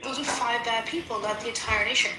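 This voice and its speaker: A woman's voice: fairly high pitch, fairly quick, background noise. A woman telling a story in casual chat, heated and profane. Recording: echoey room.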